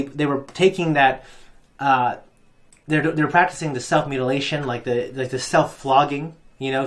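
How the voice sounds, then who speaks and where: A man giving a casual, rambling recap of a TV episode, with many pauses and restarts as a reaction video host. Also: mid-range voice.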